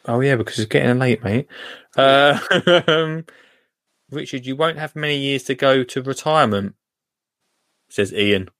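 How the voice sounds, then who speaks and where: A man's voice: mid-range voice, a little slow, pauses often, fairly bright tone, dry recording, studio quality. A British man hosting a live gardening stream, chatting casually, joking and laughing as he reads out viewer comments. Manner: jokey, laughs often, reads comments aloud. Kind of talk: casual chat.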